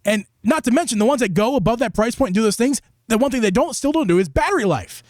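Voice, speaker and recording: A man's voice: extremely high pitch, lively intonation, fast, no room sound, studio quality. A man co-hosting a casual gaming podcast, talking emphatically and chiming in with agreement. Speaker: podcast co-host. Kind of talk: casual chat.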